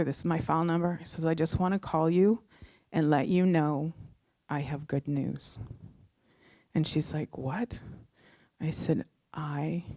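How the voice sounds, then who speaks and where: A middle-aged woman from Canada telling a personal story, heartfelt, moving between animated and hushed moments. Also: on the low side, no echo, studio quality.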